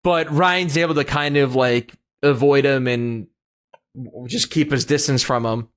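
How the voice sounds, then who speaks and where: A young man co-hosting a podcast, telling a rambling, animated recap of a reality series in a casual chat full of restarts. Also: medium pitch, unhurried. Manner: animated storytelling with frequent "like" and restarts. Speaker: podcast co-host.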